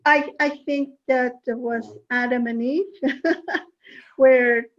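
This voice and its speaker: A woman's voice: high voice, steady tone, slow pace, a crowd in the background. A woman taking part in a study discussion, recalling stories conversationally over a lo-fi video call. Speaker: study participant. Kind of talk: class discussion.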